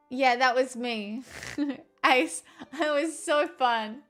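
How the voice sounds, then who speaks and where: A woman's voice: sits high, drawn-out words, bright, forceful tone, soft background music. A woman live streamer in a put-on transatlantic accent, chatting casually with her viewers, self-mocking and swearing freely. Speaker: live streamer greeting chat.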